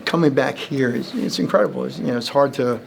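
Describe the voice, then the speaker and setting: Gravelly storytelling man in his fifties. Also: medium pitch, quick pace, a little hiss or hum. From New Jersey. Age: 50s. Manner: rambling storyteller who acts out quoted voices and laughs between lines. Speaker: Hall of Fame inductee, former running back. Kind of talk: press interview answers.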